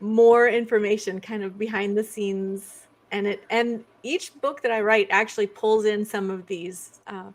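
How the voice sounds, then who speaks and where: Relaxed woman author guest at an ordinary mid pitch, chatting casually in an interview. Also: a little slow.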